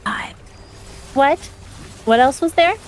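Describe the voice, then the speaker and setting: Her voice sits high and moves slowly. She's a young adult woman streaming a game, talking casually into a desk microphone and often laughing through long, wandering stories.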